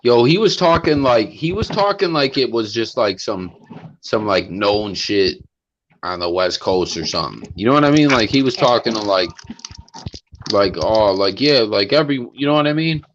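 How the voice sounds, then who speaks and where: A man's voice: on the low side, animated, normal speed, fairly bright tone. A man co-hosting a podcast in casual chat, slangy and rambling with lots of fillers. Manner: slangy, rambling, full of "like" and "bro". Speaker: podcast co-host. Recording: muffled lo-fi audio with faint hiss.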